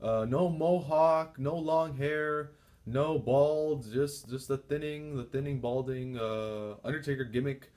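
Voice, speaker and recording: A man's voice: mid-range voice, slow pace. A young man giving a casual, rambling recap of a wrestling show, repeating himself often. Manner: excited, overjoyed shouting. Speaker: wrestling fan vlogger reviewing a show.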